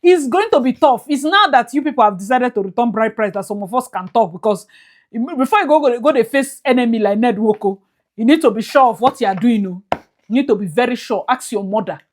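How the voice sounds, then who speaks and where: A young woman with a Nigerian accent giving casual commentary, mixing Pidgin into English, laughing often and swinging from loud to whispered. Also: a little high, expressive, fairly quick. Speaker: vlogger.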